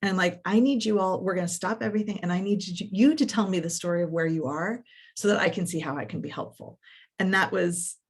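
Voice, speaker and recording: A middle-aged woman coach telling a work story in a podcast conversation, animated and full of quoted dialogue and fillers. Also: fairly low pitch, fairly quick, breathy edge. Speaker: coach and workshop facilitator.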